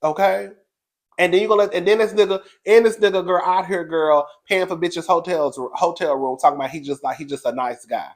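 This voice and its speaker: A high-voiced man speaking fairly quickly runs a reality TV recap. The commentary is casual gossip, delivered with brashness, profanity, sass, and frequent laughs.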